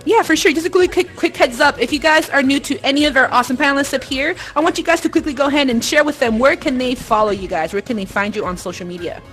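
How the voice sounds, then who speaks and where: A woman's voice: high-pitched, fast talker, few pauses, fairly bright tone, faint music behind. A woman hosting a live online panel of video creators, upbeat and chatty, laughing often. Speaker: panel host.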